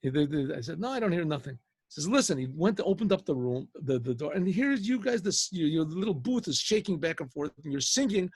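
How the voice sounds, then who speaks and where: A storyteller voicing a friendly building superintendent who recounts things in a chatty, offhand way. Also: male voice, on the high side, very animated, brisk, darkish tone, husky, no echo, studio quality, full character voice.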